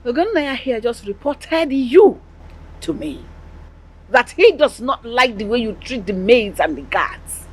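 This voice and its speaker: Mocking nigerian queen mother, lively voice. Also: on the high side, a little slow, slightly rough. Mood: dismissive. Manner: dismissive, mocking. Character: dismissive queen mother, sly. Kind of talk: film drama acting.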